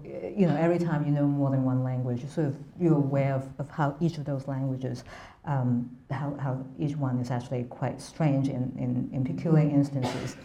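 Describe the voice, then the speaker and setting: A woman's voice: low-pitched, dark tone. A woman giving an academic lecture in a hesitant way, full of ums and restarts. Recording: roomy echo.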